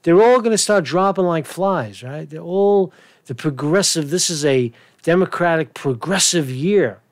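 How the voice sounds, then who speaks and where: A man's voice: fairly high pitch, lively intonation, measured pace, no echo. Brash, profane man ranting. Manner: brash, crude and mocking, with frequent swearing. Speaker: political commentary vlogger. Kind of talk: profane off-the-cuff political rant.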